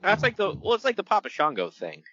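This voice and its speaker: Animated man with a bright voice. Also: quick pace, slightly rough, dry recording, highs cut off. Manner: animated, laughs often, acts out quotes in a high voice. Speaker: podcast host. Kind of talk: casual podcast chat reviewing wrestling.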